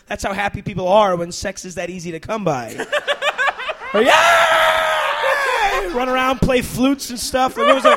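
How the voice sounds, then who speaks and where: Animated, rambling young male comedian. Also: sits high, vocal fry, heavy background noise. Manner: rambling, self-interrupting, animated bursts. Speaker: stand-up comedian and talk show guest. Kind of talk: stand-up set then casual chat.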